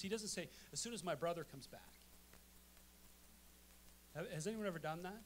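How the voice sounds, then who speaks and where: A man's voice: high voice, expressive, normal speed, pauses often, a little hiss or hum. A male pastor preaching a sermon to his congregation, emphatic, often asking "amen?". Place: church sanctuary.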